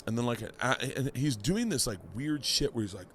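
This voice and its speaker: A middle-aged man, a comedian, telling a story on a podcast in a casual, animated way, swearing freely and acting out what others said. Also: medium pitch, moderate pace, slight background noise. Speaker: comedian guest.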